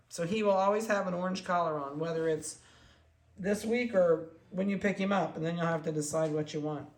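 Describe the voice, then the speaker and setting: A dog breeder in a casual chat, handling puppies and talking to them in soft baby talk between explanations. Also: mid-range voice, gravelly. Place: indoor room of a home. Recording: echoey room, faint background noise.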